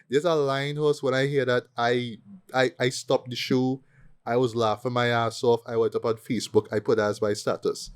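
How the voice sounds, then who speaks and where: A man giving a casual, profane movie review rant, animated and often acting out quoted lines. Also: mid-range voice, brisk. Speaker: podcast co-host.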